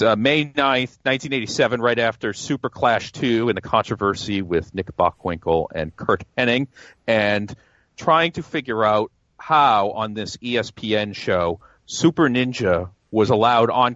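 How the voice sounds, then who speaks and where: A man's voice: on the low side, moderate pace, a bit bright, no echo, highs cut off. A man co-hosting a podcast, joking and self-deprecating in casual chat. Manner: jokey, self-deprecating, laughs often. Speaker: podcast guest co-host.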